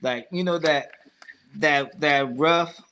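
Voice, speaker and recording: A man's voice: fairly high pitch, slow pace, pushed and bright, a little hiss or hum. A middle-aged man, a podcast guest, talking loosely with slang, laughter and repeated words. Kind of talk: casual chat.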